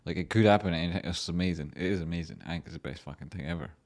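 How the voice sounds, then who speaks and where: A young man hosts a casual livestream chat, rambling, joking and swearing a lot. His voice is low with a darkish tone, and he talks at a racing pace.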